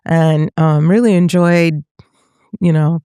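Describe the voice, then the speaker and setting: A woman in her seventies from Northern California, a voice teacher and podcast guest, telling her story in a relaxed, reflective way with frequent laughs. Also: deep voice, slow pace, clear, resonant tone, no room sound, studio quality. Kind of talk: casual conversational storytelling.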